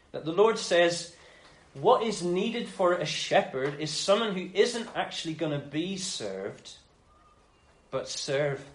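A man preaching in an echoey room, his voice a touch higher than most. He reads scripture aloud and slips into a casual first-person paraphrase of what God is saying. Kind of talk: sermon.

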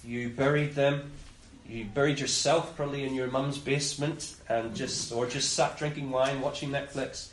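A man preaching a conversational sermon, often voicing the master's words in quick asides. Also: medium pitch, fairly even intonation. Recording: roomy echo with faint ambience.

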